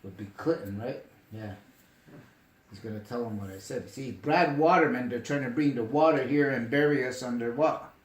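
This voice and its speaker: In a casual storytelling chat, a man spins a long tale at a moderate pace and an ordinary pitch, sounding animated and emphatic. He keeps asking "you get me?" to make sure the listener follows, and the room around him echoes noticeably.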